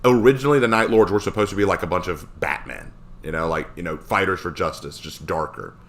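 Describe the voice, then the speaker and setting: A man streaming live, reading and answering chat questions in a rambling, animated way with frequent fillers. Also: deep voice, a little fast.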